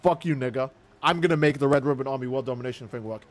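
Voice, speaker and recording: Guy doing a cold, cussing right-hand man, flat and fed up. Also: mid-range voice, fast talker, voice pushed down, natural voice. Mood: contemptuous. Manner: flat, contemptuous, profane. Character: cold ruthless male second-in-command.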